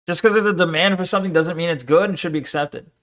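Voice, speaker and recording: A man's voice: a little high, fast talker, fairly bright tone. A man streaming, reacting to a video with profane, mocking rants. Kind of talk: casual reaction commentary.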